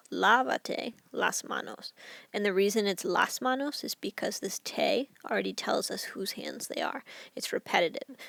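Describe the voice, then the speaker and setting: Woman teacher, recorded lesson, patient step-by-step explainer, slight vocal fry, dry close sound. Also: mid-range voice, fairly bright tone, no echo. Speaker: Spanish teacher.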